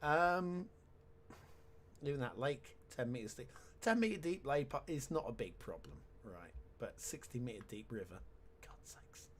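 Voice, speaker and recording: A man's voice: medium pitch, very animated, moderate pace, few pauses, slight background noise. A man giving casual let's-play commentary, chatty and wry with sarcastic asides. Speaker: game commentator.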